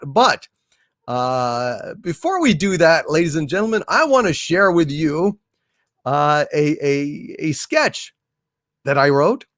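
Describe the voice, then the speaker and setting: A man hosting a comedy live stream, reading out viewer messages in an animated, halting way with many fillers. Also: fairly high pitch, no echo, clean studio sound. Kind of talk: casual live stream chat.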